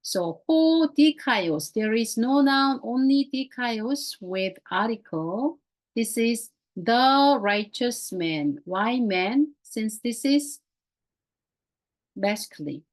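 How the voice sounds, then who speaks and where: A woman with a fairly high voice leads a grammar class at an unhurried pace. She repeats key words and phrases patiently. She speaks English as a second language, with Korean as her first. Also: lively intonation. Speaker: Greek teacher.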